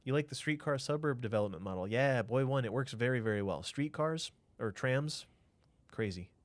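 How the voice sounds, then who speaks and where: A man's voice: mid-range voice, lively intonation, moderate pace, no room sound. A man streaming a city-building game, thinking aloud in a casual way, answering chat and trailing off into mutters.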